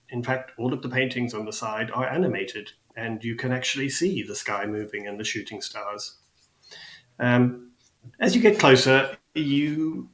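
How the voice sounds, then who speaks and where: A man running a tabletop game as game master, narrating scenes in a relaxed, descriptive way. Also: mid-range voice, reverberant, low-quality recording.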